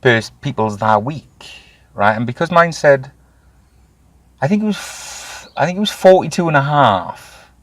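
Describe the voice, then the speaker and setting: A man, telling his own story candidly in an interview, animated and swearing freely. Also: mid-range voice, unhurried, no echo. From Wales. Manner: animated, swears freely, acts out quoted voices. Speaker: guest.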